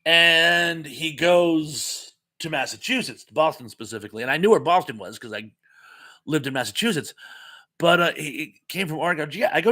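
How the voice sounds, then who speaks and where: A man's voice: a little high, lively intonation, fairly quick, bright, forceful tone. A middle-aged man hosting a casual live chat from home, a rambling storyteller who repeats words and restarts. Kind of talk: casual live-stream chat reading viewer comments.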